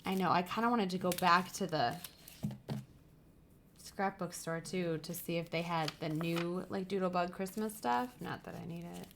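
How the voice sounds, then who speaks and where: On a casual crafting stream, a woman opens happy mail and gushes about stickers, slipping into whispers whenever something cute appears. She speaks a little slowly in a low-ish, fairly bright voice, with slight background noise.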